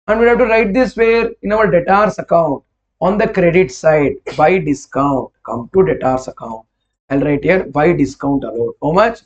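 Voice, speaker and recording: A man's voice: high-pitched, dull audio. A man teaching an accounting class, who keeps quizzing students and repeats each figure aloud. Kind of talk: classroom lecture.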